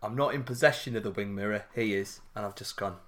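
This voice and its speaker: A man's voice: on the low side, fast talker, a bit bright. A man on a podcast telling a funny anecdote in casual chat, swearing and laughing at himself. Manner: wry and swearing, laughs at his own anecdotes. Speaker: podcast co-host.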